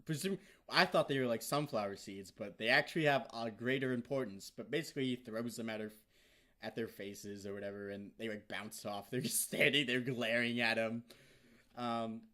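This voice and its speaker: A young man excitedly recapping a cartoon episode in a rambling, casual way, swearing often and now and then bursting into loud shouts. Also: mid-range voice, moderate pace. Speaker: vlogger.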